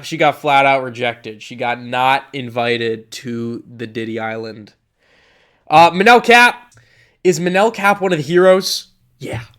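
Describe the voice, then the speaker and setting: A young man talks through a tier list in a loose, joking way. His voice sits a bit high, and he rambles, restarts and laughs at his own lines. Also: fairly bright tone, smooth. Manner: rambling, jokey, self-interrupting. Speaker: commentator. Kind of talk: casual tier-list commentary.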